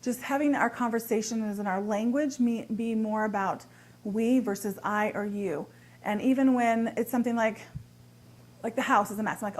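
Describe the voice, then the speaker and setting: A woman speaking as a marriage and body language coach, giving expressive, upbeat advice straight to camera. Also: medium pitch, moderate pace. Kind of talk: direct-to-camera advice talk.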